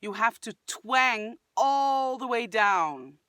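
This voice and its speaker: Woman, vocal coach, bright lively voice, unhurried, shouted demo cries and sung snippets. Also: fairly high pitch, no echo. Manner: demonstrates sounds with sudden loud shouted cries; chatty, enthusiastic, breaks into sung fragments. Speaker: singing channel host. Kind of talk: reaction video with vocal tips.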